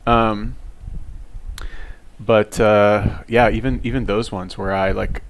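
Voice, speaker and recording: Low, gravelly man rambling casually. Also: fairly even intonation, slow pace. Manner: rambling, lots of fillers and restarts. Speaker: reaction video commentator. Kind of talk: casual commentary.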